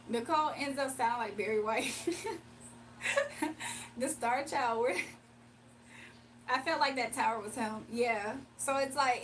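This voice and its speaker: A woman's voice: high-pitched, fairly bright tone, recorded from a distance, slight background noise. A young woman hosting a casual livestream, chatting with viewers, reading their comments aloud and laughing often. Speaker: livestream host giving spiritual readings.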